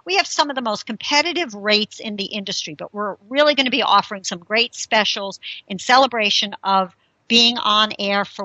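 A middle-aged woman hosts her own radio talk show in a chatty, casual way. Her pitch swings widely and her tone is bright and forceful. The recording is close and dry, with no room sound. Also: no echo, lo-fi sound. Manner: chatty, animated, with incredulous rhetorical questions.

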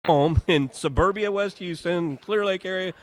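A man's voice: sits high, normal speed, loud music behind the voice. A man hosting a live radio talk show from a home and garden show, chatting, joking and reading ads.

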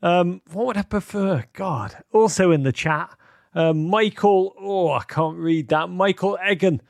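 A man hosting a live-streamed football chat, excitable and theatrical, swinging from outbursts to mock gloom with many ums. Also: high voice, a little slow, creaky, no echo, clean studio sound. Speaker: host.

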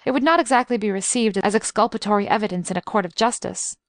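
A woman's voice: medium pitch, dry recording, clean studio sound, natural voice. A woman doing a wry young invalid man. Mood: eager scheming. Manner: quick, wry, talkative.

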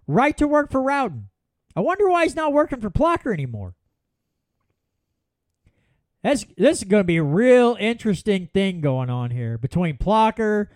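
A man's voice: high-pitched, normal speed, pauses often, no room sound. A man hosting a solo political podcast, telling folksy stories with many restarts. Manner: folksy, animated storytelling with repeated restarts. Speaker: podcast host.

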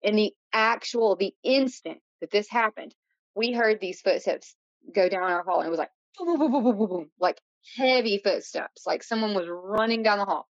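A woman in her late thirties, a podcast guest, recounting a paranormal story in an animated way, acting out quotes and using many fillers. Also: mid-range voice, moderate pace, no room sound. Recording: dull, dry lo-fi audio.

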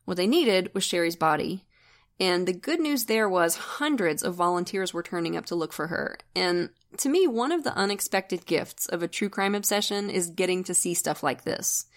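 A woman's voice: fairly low pitch, expressive, normal speed. A woman hosting a true crime podcast, telling the story in a chatty, wry way and laughing often. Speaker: podcast host.

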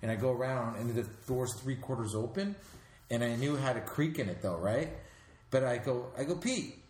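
A man's voice: medium pitch, brisk. Casual male storyteller, swears, echoey room. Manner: swears, animated retelling with laughs. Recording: echoey room with faint noise.

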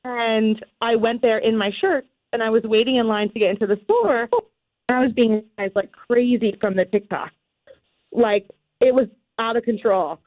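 A young woman tells her story over a tinny phone line, giggling often and acting out the voices. Her voice sits a little high and sounds dry and close. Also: fairly even intonation, normal speed, no room sound. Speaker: guest caller. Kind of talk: casual phone interview.

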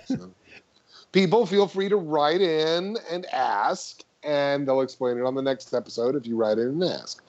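A man's voice: a little high, unhurried, darkish tone. A man who jokes wryly as a podcast guest. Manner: joking, wry, playful. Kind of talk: casual chat. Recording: dull lo-fi sound.

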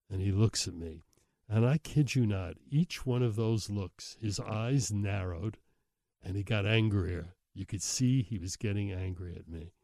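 A man's voice: fairly low pitch, measured pace, creaky, mellow, dry recording, studio quality. A middle-aged man, a host telling a story in a wry, self-deprecating way. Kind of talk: storytelling monologue.

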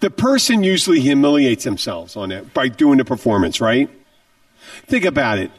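A man's voice: medium pitch, big pitch swings, moderate pace, no echo, clean studio sound, far from the mic. A man hosting a podcast, talking animatedly and profanely as he jumps between tangents. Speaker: podcast host. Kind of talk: casual podcast chat.

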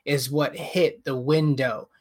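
A man's voice: mid-range voice, takes it slowly, a crowd in the background. A man in casual conversation, telling a story and acting out what people said. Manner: animated storyteller, acts out quotes. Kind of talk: casual chat.

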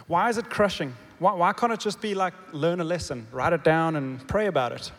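A man preaching a sermon, swinging from loud emphatic bursts to quiet low asides and asking the congregation questions. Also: a little fast. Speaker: pastor. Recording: long reverb of a big hall.

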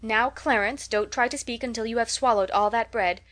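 A woman's voice: a little high, normal speed, a bit bright, natural voice. A woman reading as a fussy, scolding society matron. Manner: fussy, nagging and prim. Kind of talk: audiobook character reading.

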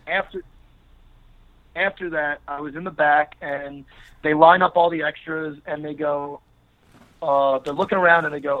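A man's voice: a little high, steady tone, fairly quick. A man, a podcast guest, telling a long story in a rambling casual way with many fillers and restarts. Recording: narrow phone-like line.

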